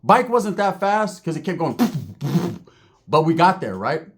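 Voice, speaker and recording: A man telling a story in a casual, animated and profane streetwise way. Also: on the high side, slow pace.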